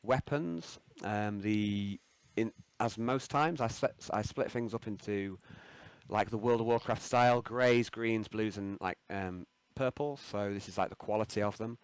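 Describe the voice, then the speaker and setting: A man with a lowish voice narrates as game master, describing shops and items. His delivery is relaxed and halting, with frequent ums. The recording is dry and close. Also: clean tone, dry recording. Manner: relaxed, many ums and restarts.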